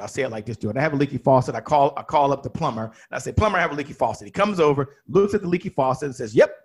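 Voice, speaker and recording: A man coaching on sales as a podcast guest, emphatic and animated, acting out little dialogues. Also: fairly high pitch, breathy edge.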